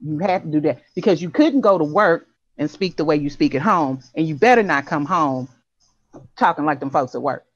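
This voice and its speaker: A woman with a very low voice, talking reflectively on a casual panel. The audio is dull and dry, like a remote call. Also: animated, brisk, no echo. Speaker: panelist, parent.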